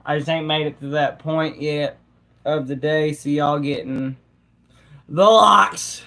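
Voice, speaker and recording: A streamer on a live broadcast chats with viewers in a chill, informal way, dropping slang and laughing quickly now and then. Pitch is medium, and the manner stays easy and conversational throughout.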